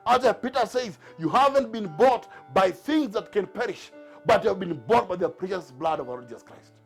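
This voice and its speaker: A man's voice: sits high, expressive, brisk, creaky, soft background music. A man preaching a sermon to a Bible class, driving his points home with repeated rhetorical questions. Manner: emphatic, repetitive rhetorical questions.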